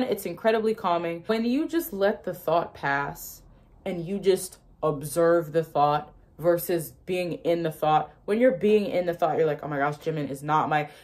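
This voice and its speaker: Chatty young woman explaining with emphasis. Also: lowish voice. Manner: chatty and emphatic, laughs often, acts out inner voices. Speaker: manifestation content creator. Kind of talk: casual explainer monologue.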